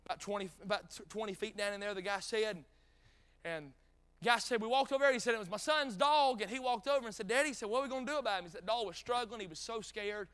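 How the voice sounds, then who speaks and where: A middle-aged man preaching a revival sermon in a North Carolina drawl. His voice sits very high and sounds clear and smooth, with a bright, forceful edge. He tells stories folksy-style, cracks jokes and climbs to shouted peaks. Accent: North Carolina Southern. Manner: folksy, joking asides, rising to shouted peaks.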